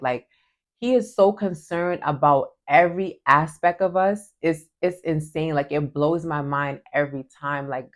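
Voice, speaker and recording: A woman giving a heartfelt devotional talk, earnest and emotional, often saying "like" as she goes. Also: low voice. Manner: earnest and emotional, many "like" fillers. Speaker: Christian devotional vlogger.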